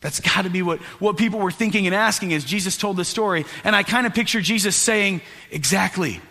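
A man preaching a sermon as pastor, telling a story in an animated way with voiced asides. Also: high-pitched, fast. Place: church sanctuary. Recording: echoey hall with long reverb.

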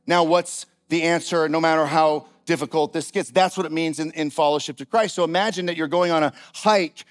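A male pastor preaching a sermon in an animated, conversational style with casual asides. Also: fairly high pitch, a little fast.

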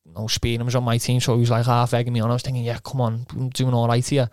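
Young footballer, chatty storyteller who swears, monotone voice, dry studio mic. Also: male voice, medium pitch, fast talker, no room sound. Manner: rambling, swears, quotes himself, laughs often. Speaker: footballer guest. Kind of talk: casual anecdote.

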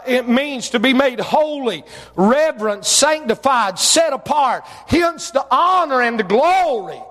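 A man preaching a sermon as pastor, with folksy phrasing, shouted emphasis and drawn-out phrases. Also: very high-pitched. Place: church sanctuary. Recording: long reverb of a church hall.

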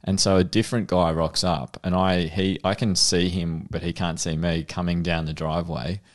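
Low-voiced male podcast co-host, casual anecdotes, quick to laugh. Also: level tone. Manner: storytelling, laughing often. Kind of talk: casual chat.

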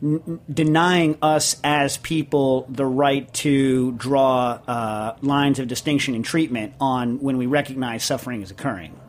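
A man's voice: medium pitch, fairly even intonation, measured pace, hardly any pauses, slight background noise. A man with a New York accent hosting a radio talk show, rambling and joking with lots of fillers.

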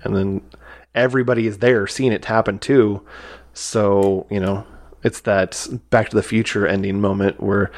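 This man, co-hosting a podcast, talks loosely through a film review, full of filler words and quotes he acts out. He sits on the low side with little pitch movement and speaks at a normal speed.

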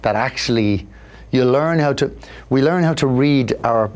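A man's voice: mid-range voice, a little slow. A man, a guest in an interview, telling personal stories in a reflective way and acting out the people he quotes. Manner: reflective, acts out quoted people in lively voices. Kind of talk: candid conversational storytelling.

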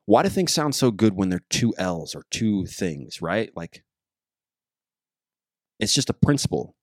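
A man's voice: lowish voice, sing-song, measured pace, no echo, studio quality. A man hosting his podcast alone, rambling casually, joking and losing his train of thought. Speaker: podcast host. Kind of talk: casual solo podcast monologue.

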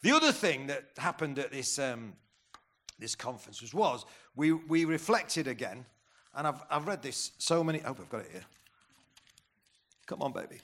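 A man's voice: mid-range voice, big pitch swings, moderate pace, long pauses, fairly bright tone. A man in his fifties preaching a conference sermon, rousing and quizzing the crowd, often restarting his sentences. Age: 50s. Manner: rousing, asks the crowd questions, stumbles and restarts.

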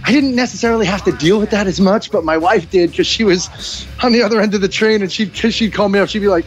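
A man's voice: high-pitched, fast, faint music behind. A man in his forties with a New York accent, chatting casually as a podcast guest in a rambling, laid-back way. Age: 40s. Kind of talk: casual chat. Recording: dull dry lo-fi sound.

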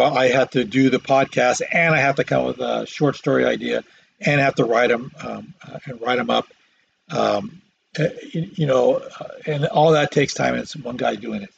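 Gravelly man rambling on a solo podcast. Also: mid-range voice, highs cut off, a little hiss or hum. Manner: halting, many fillers and restarts, self-deprecating jokes. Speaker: podcast host. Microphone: microphone.

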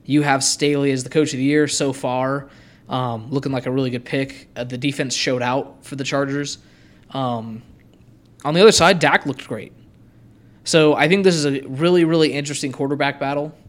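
A man's voice: mid-range voice, moderate pace. A man co-hosting a sports podcast, chatting casually about football picks with frequent ums. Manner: relaxed, frequent ums and you-knows. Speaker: podcast co-host.

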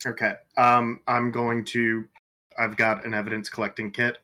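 A man's voice: mid-range voice, little pitch movement, moderate pace, bright, forceful tone. A man playing a tabletop game, asking careful questions and describing his agent's actions step by step. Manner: methodical, asks questions. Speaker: player. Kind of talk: casual tabletop play.

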